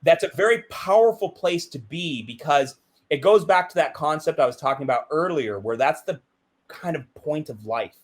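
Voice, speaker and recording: A man's voice: fairly high pitch, animated, moderate pace. A middle-aged man giving an interview, talking intensely and emphatically, often checking in with "right?". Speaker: interview guest, BASE jumper. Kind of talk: reflective interview talk.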